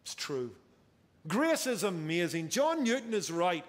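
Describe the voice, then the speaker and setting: A man's voice: high-pitched, sing-song, a little slow. A man preaching a sermon as pastor, emphatic and drawing out key words for effect, recorded in a church sanctuary. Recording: church hall with long reverb.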